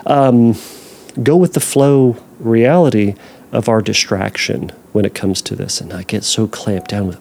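A man hosting a podcast, answering a listener's question in a casual, animated way, acting out anxious thoughts and making jokey asides. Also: on the low side, measured pace, gravelly. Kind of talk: casual advice talk.

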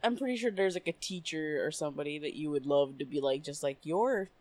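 A woman's voice: low voice, quick pace, darkish tone. A woman co-hosting a casual movie podcast, chatty and laughing often. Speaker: podcast co-host.

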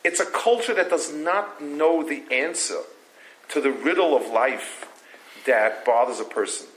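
A man's voice: a little high, unhurried, a bit bright. An older man teaching a religious text, reading Hebrew lines and translating them, with many stumbling restarts. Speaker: Torah teacher. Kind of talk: text-study lecture. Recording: roomy echo.

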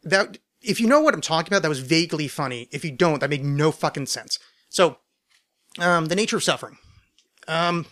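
A man talks alone on his podcast, answering listener questions. He rambles and stammers, wired from too much caffeine, and mocks himself as he goes. His voice sits a little higher than most men's. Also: normal speed, fairly bright tone. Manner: rambling, stammering, self-deprecating. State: overcaffeinated. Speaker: podcast host.

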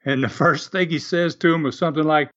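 An older man, a former wrestler telling animated stories in an interview and laughing often. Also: fairly high pitch, fast talker, muffled recording. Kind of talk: storytelling interview.

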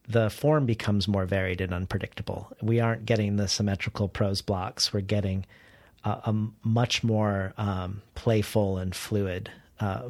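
Man, lowish voice, dry close sound, interviewer, careful detailed questions. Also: dry recording.

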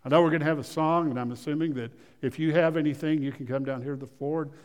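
This sermon comes from a man whose voice is a little high, smooth and fast, with fairly even intonation, echoing through a church sanctuary with long reverb. Loud emphasis gives way to hushed storytelling and back again, and he often repeats phrases or breaks off to restart a sentence.

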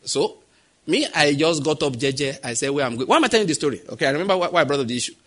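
Husky Nigerian preacher man. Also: on the high side, racing. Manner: animated storytelling, acting out quoted voices. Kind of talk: sermon.

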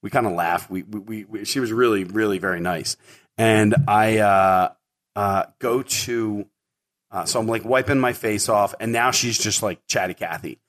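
A man's voice: on the low side, normal speed, a bit bright. A middle-aged man hosting his own podcast, telling stories casually and rambling, with lots of fillers and repeated words. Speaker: podcast host. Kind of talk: casual storytelling monologue.

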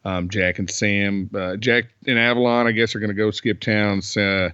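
A man's voice: lowish voice, fairly even intonation, normal speed, sharp tone, clean tone, no room sound, lo-fi sound. A man hosting a casual podcast, chatty as he recaps a movie plot and acts out its lines. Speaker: podcast host.

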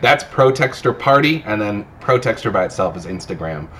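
A man's voice: fairly low pitch, lively intonation, moderate pace, fairly bright tone, distant mic, slight background noise. Laid-back man, a musician guest. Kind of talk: casual podcast chat.

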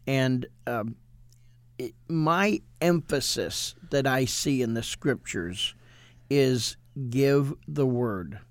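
A minister talks in an animated, preachy way during a casual ministry discussion, quoting scripture with emphasis. His medium-pitched voice is captured with clean studio sound and no echo.

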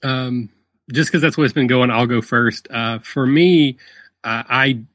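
A man's voice: medium pitch, slow, fairly bright tone, no echo. Brief: male podcast host, chatty and self-deprecating, dry studio sound. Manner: rambling, self-deprecating, frequent fillers. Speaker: podcast host and dungeon master. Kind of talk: casual podcast interview.

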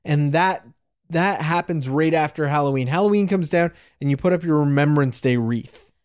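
A man's voice: fairly high pitch, moderate pace, darkish tone, clear, resonant tone, dry recording, studio quality. A man co-hosting a casual podcast, earnest and getting worked up, with a slightly preachy way of talking. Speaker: podcast co-host.

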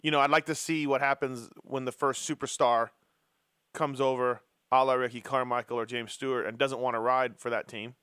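A man's voice: mid-range voice, steady tone, fairly quick, pushed and bright, clear, resonant tone, no room sound, studio quality. A man hosting a casual racing podcast, joking and teasing his co-hosts. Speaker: host.

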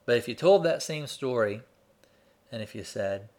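A man giving an instructional talk, explaining his points in a measured way and telling an example story step by step. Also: mid-range voice, expressive, darkish tone. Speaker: speaker teaching persuasion.

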